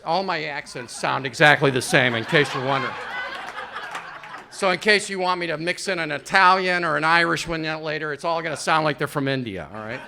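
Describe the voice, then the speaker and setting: A man's voice: high voice, a little fast, creaky, sharp tone. A man in his fifties doing a rambling, profane, self-deprecating stand-up set on a live comedy stage. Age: 50s.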